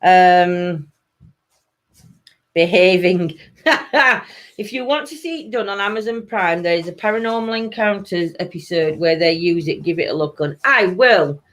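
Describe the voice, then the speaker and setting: A Sheffield-accented host from Yorkshire, England, chats on a live stream, reading out comments from viewers, laughing often and leaving sentences unfinished. The voice is medium-pitched and fairly bright, with a measured pace.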